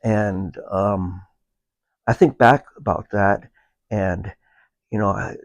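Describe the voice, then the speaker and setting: A man with a low voice speaks in a relaxed, halting way, often pausing to search for words. He talks as a veteran guest in a casual conversation. The sound is dry and close, with no room echo. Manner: halting, unhurried, with many filler pauses. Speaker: veteran guest with a service dog.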